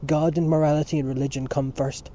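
A man voicing a fierce, devout older woman who scolds in a shrill, raised voice. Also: flat delivery, fast talker, dark tone, lightly acted. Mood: scolding. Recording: dull lo-fi recording.

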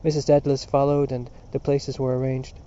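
A man narrating a novel as an audiobook in a measured, even manner, on a dull lo-fi recording. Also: mid-range voice, slight background noise.

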